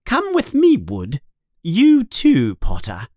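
A narrator voicing a strict older female professor who scolds and commands in a high, raised voice. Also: huge pitch swings, slow pace, darkish tone, no echo, clean studio sound. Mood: stern.

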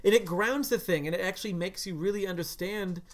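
A man co-hosting a podcast, talking casually about a film in long, animated runs full of "like.". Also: sits high, fairly quick. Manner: animated, slips into mock voices to quote characters; talks in long runs with many "like" fillers. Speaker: podcast co-host.

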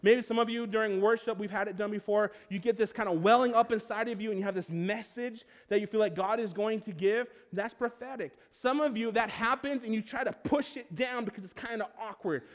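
A man with a high voice delivers a sermon in a relaxed, conversational way, stumbling and repeating words as he goes. His voice rings out with a long reverb, as in a large church hall. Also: brisk, hardly any pauses. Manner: conversational preaching with repeated restarts. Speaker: pastor.

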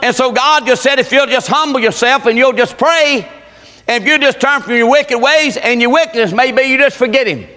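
A preacher man with a high, bright, ringing voice. He tells folksy stories in plain dialect and builds to shouts. His voice carries through a reverberant church hall. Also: normal speed. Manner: folksy storytelling with Southern dialect, rising to shouts. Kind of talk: sermon.

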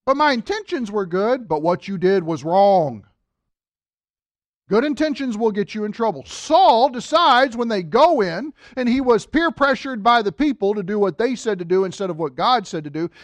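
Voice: medium pitch, animated, normal speed, dry recording. A Bible teacher giving a conversational lesson, breaking off for jokes and talking straight to the listeners. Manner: joking asides, addresses listeners directly.

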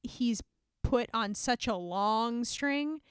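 A woman's voice: fairly high pitch, animated, takes it slowly, clear, resonant tone, no echo, clean studio sound. A woman chatting casually and enthusiastically about books, gushing and saying "like" a lot.

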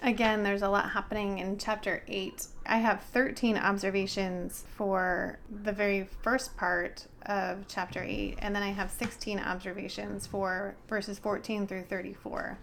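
A woman's voice: mid-range voice, little pitch movement, measured pace, gravelly, few pauses, a bit bright, slight background noise. A woman co-hosting a casual bible study discussion, chatty and thinking aloud.

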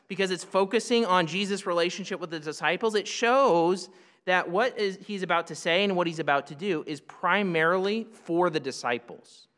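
A man with a high, bright voice preaches in a relaxed, conversational way, putting questions to his listeners and answering them himself. His voice rings out with the long reverb of a large hall. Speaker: pastor. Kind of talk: expository sermon.

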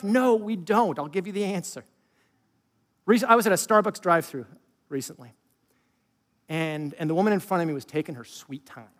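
A middle-aged male pastor preaching a conversational sermon, asking the audience questions and dropping into quiet asides. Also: sits high, big-room sound.

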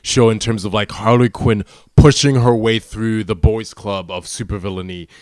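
Easygoing low-voiced man. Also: steady tone, moderate pace, a little mellow, no echo, clean studio sound. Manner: enthusiastic, laughs easily, casual swearing. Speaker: podcast co-host. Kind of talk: casual chat.

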